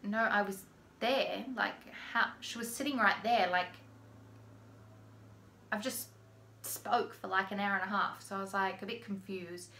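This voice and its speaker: A woman's voice: mid-range voice, steady tone, a little slow, pauses often, bright, forceful tone, a little hiss or hum. An Australian woman chatting casually through a personal story, with lots of "like" fillers. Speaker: vlogger telling a personal story. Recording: echoey room. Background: lawn mower faintly outside.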